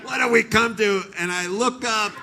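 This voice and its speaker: A middle-aged man performs stand-up on a live stage. He tells a rambling story and slips into voices for the people in it. His voice is a touch high with a bright, sharp edge, and faint room noise sits behind it. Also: moderate pace. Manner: animated storytelling with acted-out voices. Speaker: stand-up comedian. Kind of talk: stand-up comedy set. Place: live comedy stage with audience.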